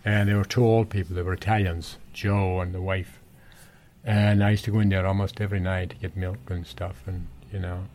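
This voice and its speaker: A man's voice: sits low, flat delivery, brisk, darkish tone, slight background noise. An Irish man in his seventies, rambling through memories with lots of "you know" and chuckles. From Ireland, Galway. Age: 70s. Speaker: interviewee, corner shop owner. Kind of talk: reminiscing conversational storytelling.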